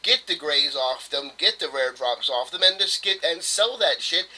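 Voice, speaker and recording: A man's voice: on the high side, animated, normal speed, pushed and bright, rough recording. A man co-hosting a casual podcast, arguing in a heated, profane, mock-lecturing way. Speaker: podcast co-host. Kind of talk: casual argumentative podcast chat.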